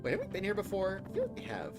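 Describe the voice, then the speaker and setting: A playful man chats with his viewers while he plays, his voice bouncing up and down. He sits a little high for a man. Game music plays clearly behind him. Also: huge pitch swings, racing. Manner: playful, chatty, reacts to chat. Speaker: streamer. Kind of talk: casual game stream commentary.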